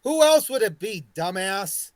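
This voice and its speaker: A man playing a tabletop game, speaking in character loudly and with exasperation, swearing freely. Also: high voice, big pitch swings, measured pace, dry recording. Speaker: player. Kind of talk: casual tabletop role-play.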